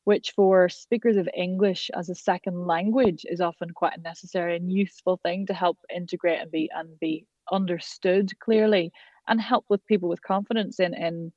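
A woman's voice: lowish voice, fairly even intonation, a little mellow, no room sound, highs cut off. An Irish woman working as a voice and accent coach, chatting enthusiastically in an interview. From Ireland. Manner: chatty, enthusiastic, quick asides. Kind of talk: casual interview chat.

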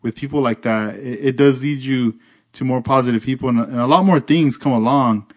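A man's voice: mid-range voice, brisk, a little mellow, muffled recording. A man hosting a podcast, chatting in an easygoing way and thinking aloud with likes and restarts. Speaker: podcast host. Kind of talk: casual chat.

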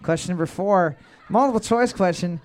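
A man hosts a bar trivia night, cracking crude jokes between questions and reading each one twice. His voice sits a little high for a man. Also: moderate pace, a little mellow. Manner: joking, reads questions twice. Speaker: trivia host. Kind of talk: live trivia night hosting with banter.

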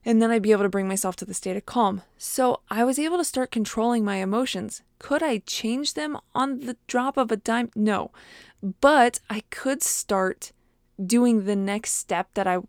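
A woman's voice: fairly high pitch, moderate pace, no room sound, clean studio sound. A young woman coach talking through emotions in a casual monologue, full of fillers and quoted self-talk.

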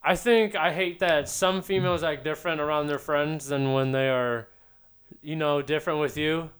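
Laid-back, laughing young co-host. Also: male voice, on the high side, steady tone, a bit bright, clean tone. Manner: laid-back and laughing, quick dry quips. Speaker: podcast co-host. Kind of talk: casual chat.

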